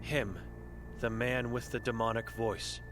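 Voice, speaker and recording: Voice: medium pitch, fairly even intonation, a little slow, close to an everyday voice. A voice actor playing a blind, mute old woman hermit in a video game, speaking in terse, broken, solemn sentences. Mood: ominous. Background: game music.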